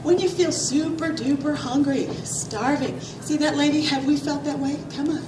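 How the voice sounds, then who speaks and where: A woman's voice: sits high, normal speed. A woman physical trainer, a little out of breath, teaching kids and adults about healthy eating in an upbeat, coaxing way full of questions. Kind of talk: health talk to kids and families. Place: large hall with an audience. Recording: roomy echo, far from mic, loud crowd noise.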